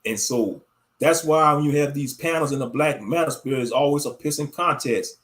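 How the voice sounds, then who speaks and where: A man's voice: a little high, moderate pace, a bit bright. A man in his thirties giving blunt, profane, rambling commentary on a casual livestream, talking straight to his viewers as family. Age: 30s. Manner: addresses viewers directly as family.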